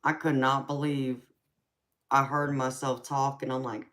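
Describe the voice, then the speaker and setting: A woman's voice: a bass voice, flat delivery, unhurried, a bit bright. A woman with a Southern US accent in casual live chat as a tarot reader, laughing often and calling listeners "baby". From United States.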